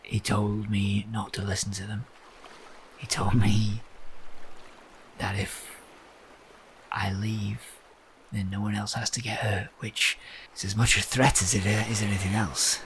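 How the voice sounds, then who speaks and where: Low-voiced player in character. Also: male voice, flat delivery, unhurried, long pauses, fairly bright tone, a little hiss or hum. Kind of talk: in-character tabletop role-play.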